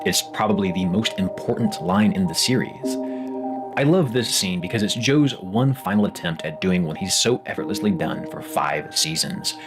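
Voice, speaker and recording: Deep-voiced man narrating a video essay. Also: expressive, moderate pace. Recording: music bed under the voice.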